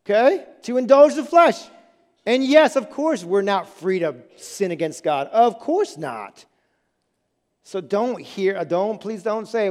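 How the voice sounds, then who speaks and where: A man's voice: high-pitched, lively intonation, unhurried, darkish tone. A male pastor preaching a sermon in a church, emphatic, repeating key phrases and checking in with the congregation. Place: church sanctuary. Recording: long reverb in a church hall with music.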